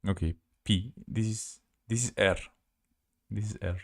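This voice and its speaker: A man with a Russian accent teaching a live language lesson, halting and searching for words as he spells out letters. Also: lowish voice, fairly even intonation, vocal fry.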